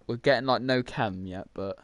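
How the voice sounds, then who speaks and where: A man's voice: medium pitch, moderate pace, a bit bright, dry recording. A young man, rambling through casual gameplay commentary while thinking aloud with lots of fillers. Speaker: gaming YouTuber.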